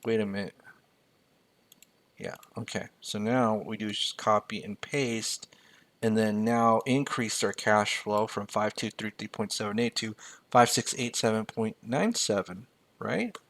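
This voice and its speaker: This American-raised personal finance mentor talks unhurriedly in a lowish, slightly bright voice. Sharing his screen, he jokes casually through a spreadsheet, saying the numbers out loud while typing them.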